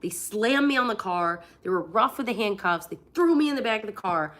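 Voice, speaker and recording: A Florida woman in her forties, fighting a cold, tells blunt, profane stories on a casual livestream and acts out what people said. Her mid-range voice is expressive, a bit fast and fairly bright.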